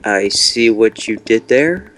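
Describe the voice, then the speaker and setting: A man's voice: on the low side, expressive, slow, fairly bright tone. A man chatting casually while playing a video game with friends, rambling and joking as he goes. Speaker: game player. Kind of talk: casual gaming chat.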